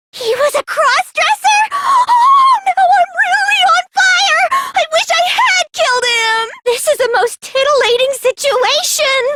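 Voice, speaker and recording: A woman's voice: extremely high pitch, a bit bright, slight background noise, heavily acted. An actress voicing a manic, cackling young female serial killer in a video game, gleeful with shrieking outbursts.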